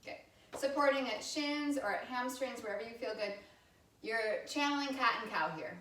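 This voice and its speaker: A woman in her thirties, a yoga instructor, giving gentle movement and breathing cues in a live class with chatty, candid asides. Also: a little high, expressive, moderate pace. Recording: roomy sound from a distance from the mic.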